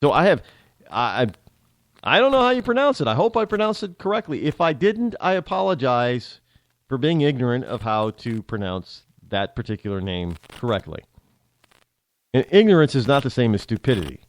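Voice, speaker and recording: A man's voice: mid-range voice, moderate pace, dry recording. A man hosting a talk show, delivering a rambling casual monologue with lots of restarts and repetition. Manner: animated, rambling, repeats himself and spells out names.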